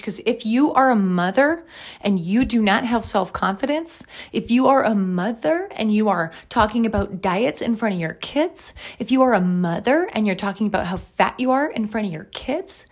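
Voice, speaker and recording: A woman in her thirties hosting a podcast as a wellness coach, talking candidly and emphatically about her own life and swearing often. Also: medium pitch. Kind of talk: candid personal monologue.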